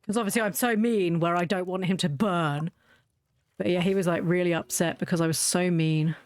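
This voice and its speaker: A woman's voice: fairly low pitch, fairly even intonation, brisk. A woman streamer chatting casually during a livestream, rambling through anecdotes.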